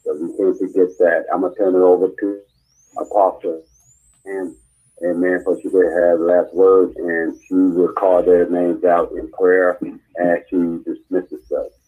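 Male minister-host, very low, dark, husky voice, slow pastoral delivery. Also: flat delivery, phone-quality sound. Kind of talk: church prayer broadcast.

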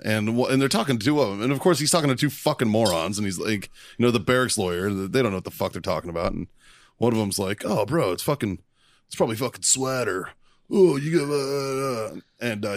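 A man's voice: on the low side, no echo, studio quality. A man hosting a podcast, telling a crude war story in casual chat, swearing and laughing a lot. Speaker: podcast host, Marine veteran.

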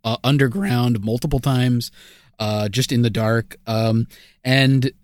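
A man co-hosting a podcast in casual comedic banter, with dry jokes and halting fillers. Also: medium pitch, no echo. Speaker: podcast co-host.

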